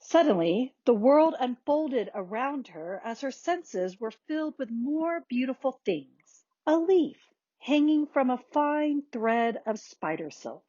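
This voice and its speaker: A woman slowly reading a children's picture book aloud in a soft, expressive manner. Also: a little high, no echo, dull audio. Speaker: narrator. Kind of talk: slow storybook read-aloud.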